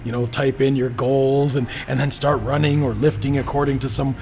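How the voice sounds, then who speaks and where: A man's voice: medium pitch, flat delivery, normal speed, a little mellow, slight background noise. A man hosting a podcast in casual chat, talking about training with emphatic, profane motivational energy. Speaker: podcast host.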